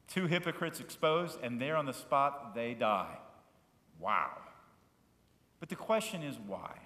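Pastor preaching in an echoey church. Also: male voice, mid-range voice, very animated, takes it slowly, pauses often. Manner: swings between loud, fervent preaching and quiet, soft asides; asks the congregation questions and invites them to repeat words. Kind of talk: sermon. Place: church sanctuary. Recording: echoey church hall with long reverb.

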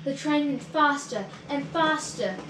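Woman reading a kids story, sing-songy, high voice, echoey room far off mic. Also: unhurried, noisy background. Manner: expressive, sing-song.

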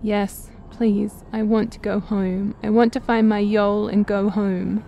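A woman voicing a possessed young herder, haunted and hungry, pleading with slow broken pauses, low gravelly edges, a mellow dark tone, read aloud for a game playthrough. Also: little pitch movement, slight background noise.

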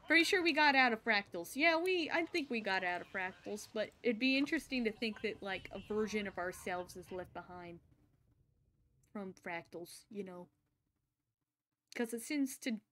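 A woman streaming a video game, chatting casually and excitedly with her viewers as she plays. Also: mid-range voice, moderate pace, slight background noise. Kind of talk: casual live-stream chat.

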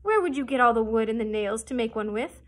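A woman's voice: a little high, animated, fairly quick, voice pushed up. A woman voicing a bossy female duck housekeeper who scolds and insists, reading a storybook aloud. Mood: scolding.

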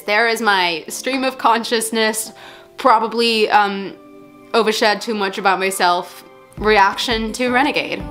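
A woman's voice: mid-range voice, fairly bright tone. A young woman filming a casual music reaction vlog in her bedroom, talking in a candid, rambling way and swearing freely. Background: music playing faintly.

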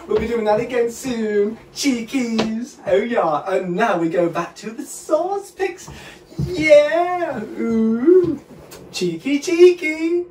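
A woman co-hosting a fashion show, talking in a slow, teasing, sing-song way. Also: a little high, expressive, darkish tone, a little hiss or hum. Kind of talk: playful show banter. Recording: echoey, distant mic, music behind.

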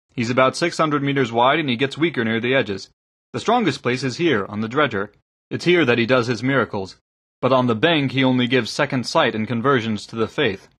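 A man reading aloud, voicing an earnest middle-aged man who preaches gently but fervently to a small congregation. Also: mid-range voice, husky.

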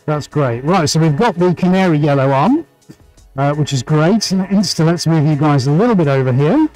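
A man's voice: a little high, animated, normal speed, darkish tone, faint music behind, low-quality recording. Chatty man hosting a painting stream. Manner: chatty, greets viewers, laughs often. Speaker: livestream painting host. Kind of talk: live-streamed painting chat.

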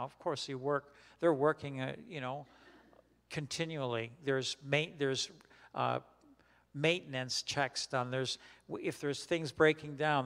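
A man leading a Bible study as a pastor, teaching in a conversational, halting way with many restarts and questions put to the group. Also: mid-range voice, a bit bright, smooth, big-room sound. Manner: questions the group and repeats their answers.

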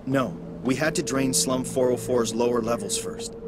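A man's voice: mid-range voice, steady tone, normal speed, loud music behind the voice, natural voice. An actor playing a male ally who gives mission orders in a curt, matter-of-fact way. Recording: noisy game audio.

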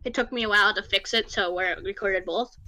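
A woman's voice: mid-range voice, fast talker, bright, forceful tone. A young woman chatting casually with friends over a game, giggly and encouraging. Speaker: gaming friend, host's girlfriend. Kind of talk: casual chat while gaming.

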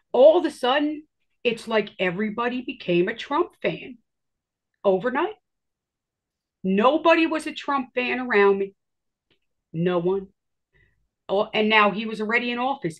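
Animated woman telling her story. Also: mid-range voice. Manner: animated, swears casually, acts out her own reactions. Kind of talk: casual storytelling.

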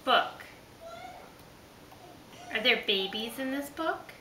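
Mom doing high singsongy baby talk to her toddler, slow and coaxing, echoey far-off home camcorder sound. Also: animated, bright, forceful tone. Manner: coaxing, repeated questions. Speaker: parent reading to a toddler. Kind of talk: sing-song baby talk. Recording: roomy home video from a distance, background noise.

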